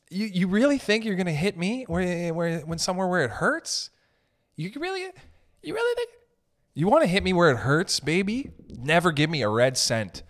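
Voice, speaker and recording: A young man hosting a podcast, ranting in a comedic, animated way, swearing and laughing as he goes. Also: high-pitched. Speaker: podcast host. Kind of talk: comedic rant.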